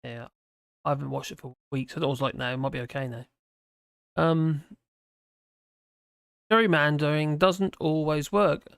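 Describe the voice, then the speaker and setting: Tired, gravelly-voiced man chatting. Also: fairly high pitch, a little slow, long pauses, fairly bright tone, dry recording, studio quality. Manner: rambling, with frequent restarts and fillers. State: tired, slurring his words. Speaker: livestream host reading viewer chat. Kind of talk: casual rambling chat.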